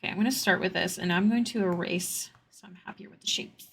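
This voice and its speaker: A woman's voice: fairly low pitch, fast, creaky, fairly bright tone, slightly rough. A young woman streamer chatting casually with her viewers while she draws, answering their questions in rambling asides.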